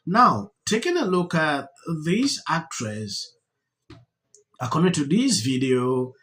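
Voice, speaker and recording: A man's voice: sing-song, slow pace, fairly bright tone, poor audio. A man hosting a commentary channel, talking earnestly and with emphasis about a news story. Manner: earnest, emphatic, pitch rising and falling.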